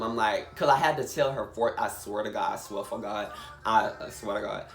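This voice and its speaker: A man's voice: fairly low pitch, brisk, fairly bright tone, reverberant, faint music behind. A young man vlogger telling a story in a casual rant, swearing and repeating himself for emphasis.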